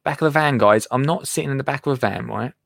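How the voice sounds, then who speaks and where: A man's voice: mid-range voice, fast, creaky, a bit bright, no room sound, studio quality. A man from England hosting a live show, chatting casually and rambling as he reads out listener comments, laughing often and trailing off into mutters. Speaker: radio show host.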